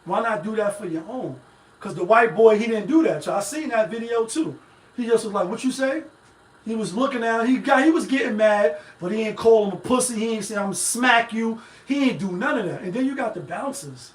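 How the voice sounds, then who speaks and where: A man's voice: sits high, animated, brisk. A man hosting a live-stream talk show, rambling in casual, profane commentary straight to his viewers. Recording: echoey room, mic at a distance.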